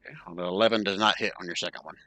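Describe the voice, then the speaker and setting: A man running an online tabletop game as dungeon master, counting moves aloud and tossing in quick asides. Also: deep voice, fairly even intonation, vocal fry, pushed and bright, no echo.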